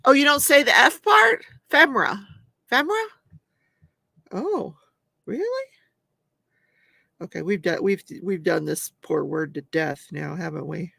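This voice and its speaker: A woman in her forties hosts a live crafting stream in an easygoing, unhurried way. Her voice has a gravelly edge. She chats with viewers, reads their comments aloud and laughs often, and the sound is dry and close. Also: on the low side, very animated, pushed and bright, dry recording. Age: 40s. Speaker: host of a live crafting show. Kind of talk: casual live-stream chat while crafting.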